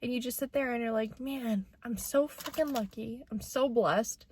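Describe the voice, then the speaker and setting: A woman's voice: on the high side, normal speed, darkish tone, slight background noise. A young adult woman vlogging casually to camera, talking in a chatty, candid, sentimental way and leaning on lots of fillers. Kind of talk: casual vlog talk to camera.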